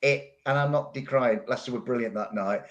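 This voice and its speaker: A middle-aged man, chatting on a football podcast. His pitch sits mid-range for a man, and he tells long stories and restarts his words as he goes. The talk is loose and conversational. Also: brisk, fairly bright tone, highs cut off. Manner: long-winded storytelling, repeats words. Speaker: pundit. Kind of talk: casual football podcast chat.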